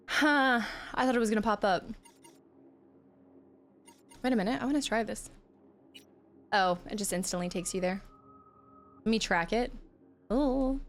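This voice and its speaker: Chatty woman streaming a game. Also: mid-range voice. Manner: chatty, reads and answers chat, animated. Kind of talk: casual live-stream chat while gaming.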